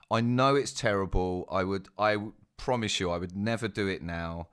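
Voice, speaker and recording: A man's voice: low-pitched, normal speed, few pauses, fairly bright tone, clear, resonant tone. A young man telling a casual story, chatty and self-mocking, with asides to his listeners. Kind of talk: casual spoken anecdote.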